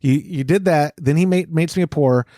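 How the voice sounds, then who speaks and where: A man hosting a casual podcast, telling stories in an animated, self-mocking way. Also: fairly high pitch, normal speed, dry recording, studio quality. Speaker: podcast host.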